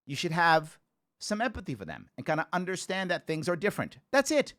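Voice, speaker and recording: A man in his forties, originally from the Bronx, holds forth as a talk show host in a loose, storytelling monologue. His voice sits fairly high and swings widely up and down as he restarts his phrases and thinks aloud. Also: wildly swooping pitch, fairly quick, fairly bright tone. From the Bronx, New York.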